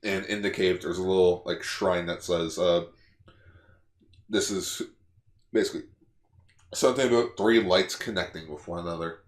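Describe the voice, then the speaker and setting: A man co-hosting a podcast, retelling a plot in animated casual chat. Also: low-pitched, normal speed, pauses often, roomy sound. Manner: animated retelling, lots of fillers. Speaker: podcast co-host.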